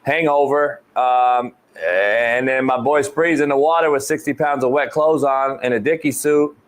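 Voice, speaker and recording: A man from California hosting a sports talk show, excitable and profane as he trash-talks and asks questions. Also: mid-range voice, unhurried. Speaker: host.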